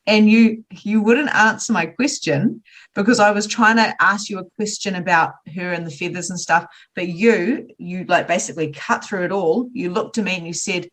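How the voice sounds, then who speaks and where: A woman's voice: lowish voice, expressive, fairly quick, a bit bright. A woman hosting an interview, enthusiastic and gushing, with many "like"s and "um"s. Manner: gushing, enthusiastic, frequent fillers. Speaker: podcast host. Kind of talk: casual interview chat.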